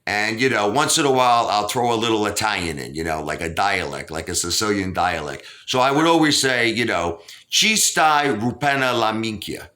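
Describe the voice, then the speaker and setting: A man's voice: lowish voice, a little fast, few pauses, bright, forceful tone. A man from Brooklyn, hosting a casual interview and rambling with lots of "you know". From Brooklyn, New York. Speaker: host.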